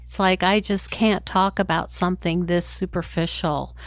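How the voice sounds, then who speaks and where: A woman hosting an interview, a therapist who speaks reflectively and pauses to find her words. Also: lowish voice, steady tone, no echo. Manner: reflective, searching for words, warm affirming murmurs. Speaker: host, therapist. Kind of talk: interview chat.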